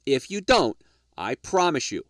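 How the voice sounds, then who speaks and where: Emphatic, animated male radio health host. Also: mid-range voice, unhurried, no room sound, studio quality. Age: middle-aged or older. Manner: emphatic, preachy, rhetorical questions, addresses "folks". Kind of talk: lecture-style health radio talk.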